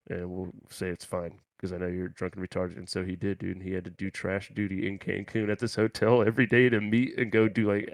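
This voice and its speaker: A low-pitched man in casual podcast chat, spinning a crude, rambling anecdote in slangy asides. The sound is dry and close, with no room around it. He drifts quieter and lower as the story runs on. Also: no room sound. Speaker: podcast co-host.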